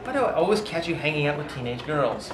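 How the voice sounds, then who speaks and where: A man hosting a casual interview, teasing his guest with playful questions in a fairly high, lively voice. The sound echoes around a convention hall full of loud background noise. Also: fast. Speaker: interviewer host.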